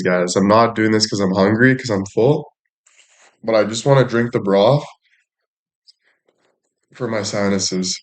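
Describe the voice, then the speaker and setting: Young man rambling crudely, low voice. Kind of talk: casual chat to an audience.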